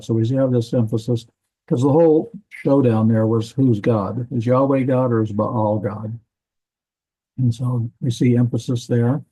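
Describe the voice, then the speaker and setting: A man teaching a Bible language class, explaining in a relaxed way with fillers. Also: medium pitch, a little slow, breathy edge, poor audio. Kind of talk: classroom lecture.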